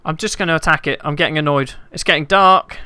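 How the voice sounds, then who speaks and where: A man chatting casually while playing a game with friends, excitable and easily exasperated. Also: a little high, fast, clear, resonant tone, no echo, clean studio sound. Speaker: gamer. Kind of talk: casual gaming chat.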